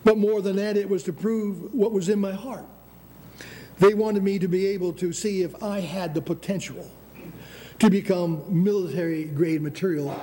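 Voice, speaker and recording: Preaching a sermon, an older man from the United States sounds fairly high yet mellow and relaxed. He presses points, restarts phrases, and calls out "Amen?" while a faint rumble of noise sits in the background.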